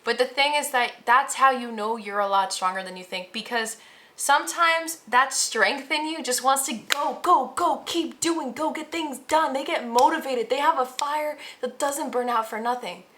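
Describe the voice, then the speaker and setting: A woman's voice: high-pitched, moderate pace, bright, forceful tone, a little hiss or hum. A woman giving a pick-a-pile tarot reading to her viewers, talking in a casual, earnest way with slang and emphatic encouragement. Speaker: tarot reader.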